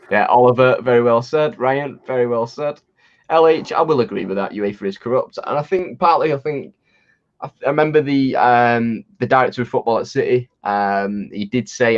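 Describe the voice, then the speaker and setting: A man's voice: medium pitch, moderate pace. A man co-hosting a casual livestream while watching football, chatty and laughing often, with rambling restarts. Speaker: livestream co-host. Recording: dull lo-fi stream audio.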